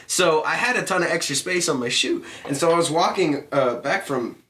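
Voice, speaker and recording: Casual podcast co-host, man, bright and animated, unhurried, echoey room. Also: fairly high pitch. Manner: rambling storyteller, laughs often, drawn-out delivery. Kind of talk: casual chat. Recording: echoey room with faint noise.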